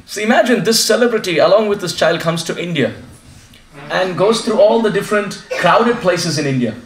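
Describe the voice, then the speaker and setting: A man preaching at a home devotional gathering, telling a story with lively storytelling and acting out passers-by. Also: high voice, moderate pace, echoey room. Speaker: visiting preacher. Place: living room of a home gathering.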